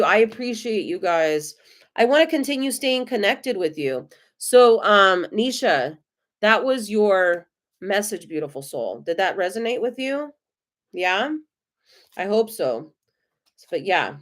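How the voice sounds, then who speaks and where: A woman with an American accent giving tarot readings on a live stream, gentle, effusive and reassuring. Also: medium pitch, very animated, unhurried. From United States. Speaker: tarot reader.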